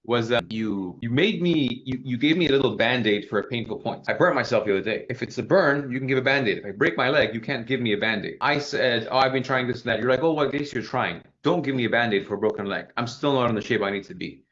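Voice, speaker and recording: A man in his thirties, a sales coach giving casual feedback, who talks fast and animatedly and acts out sample questions. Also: medium pitch, a bit bright, highs cut off.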